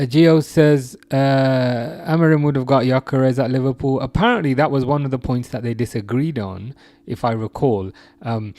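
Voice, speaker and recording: A man's voice: medium pitch, darkish tone. A man casually hosting a football livestream, reading viewer comments aloud and laughing often. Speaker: livestream host reading chat.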